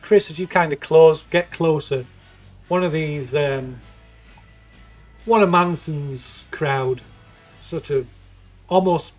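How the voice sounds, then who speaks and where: A man narrates a tabletop game as game master, stopping and restarting his sentences often. His voice sits a little high, with faint music in the background. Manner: halting, full of ums and restarts.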